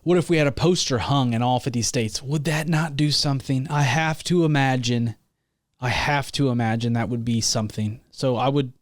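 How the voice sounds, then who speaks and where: A young man hosting a solo comedy podcast, rambling and hyped as he pitches his plan to listeners with mock-rallying energy. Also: moderate pace, dry recording, studio quality. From Missouri. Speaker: podcast host.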